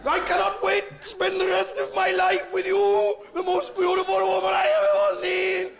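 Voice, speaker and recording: A man's voice: extremely high pitch, steady tone, normal speed, creaky, over music, voice pushed up. A man voicing a gloomy Welsh groom with a mournful, sing-song mock Welsh accent. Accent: Welsh, mocked. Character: gloomy Welsh groom on his wedding day. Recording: live stage with audience noise.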